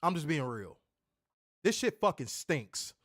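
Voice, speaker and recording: A man's voice: on the high side, very animated, measured pace, a bit bright, no room sound, studio quality. A man reviewing a wrestling show in casual chat, ranting animatedly and swearing often.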